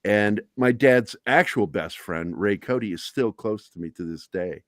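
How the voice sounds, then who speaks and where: A man's voice: lowish voice, measured pace, dry recording, studio quality. A middle-aged man hosting a talk show, telling candid personal stories in a blunt, profane, self-deprecating way. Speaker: podcast host.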